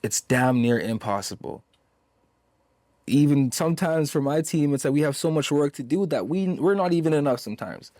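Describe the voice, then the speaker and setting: A man's voice: on the high side, expressive, normal speed, dark tone, no room sound, studio quality. A man in his twenties from Zambia, a musician guest in a casual interview, talking emphatically with lots of repetition and "you know". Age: 20s. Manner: emphatic, repeats himself, many "you know"s.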